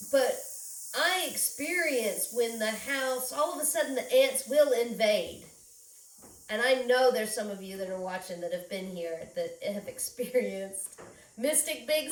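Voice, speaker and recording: A woman talking in a rambling, emotional personal vlog, at times close to tears. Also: a little high. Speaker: vlogger. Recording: roomy echo, far from the mic, faint background noise.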